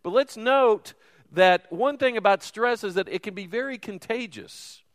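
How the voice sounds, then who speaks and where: Folksy pastor in an echoing church. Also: male voice, high voice, unhurried. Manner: conversational, folksy preaching. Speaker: teaching pastor. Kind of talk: sermon. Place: church sanctuary.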